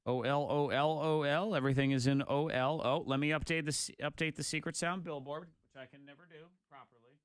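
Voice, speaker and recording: A middle-aged man hosting a morning radio show, talking in an animated, emphatic way and running the board as he goes. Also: on the high side, fairly quick, hardly any pauses, no room sound, clean studio sound. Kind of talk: casual radio banter. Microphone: studio microphone.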